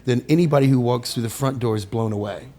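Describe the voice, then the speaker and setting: A middle-aged man, a guest on a podcast, telling stories in a casual, animated way, acting out the voices of people he quotes and swearing now and then. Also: mid-range voice, fast. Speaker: podcast guest, sommelier and winemaker. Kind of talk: casual storytelling interview.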